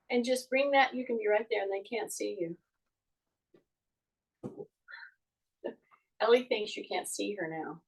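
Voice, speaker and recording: An older woman, a fitness instructor, leads a live online exercise class, repeating posture cues and teasing her students now and then. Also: a little high. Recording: voice from a distance off the mic.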